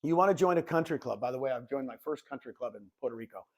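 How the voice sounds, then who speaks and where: A medium-pitched, fast-speaking man in his sixties coaches real estate agents in a live session. The self-proclaimed goofball tells animated stories, voicing the exchanges as he goes.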